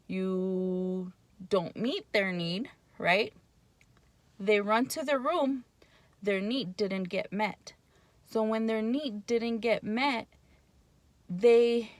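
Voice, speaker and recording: A woman's voice: a little high, no echo. A woman giving a casual, explanatory talk on parenting, speaking bluntly and often checking in with "right?". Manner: conversational, checks in with frequent "right?".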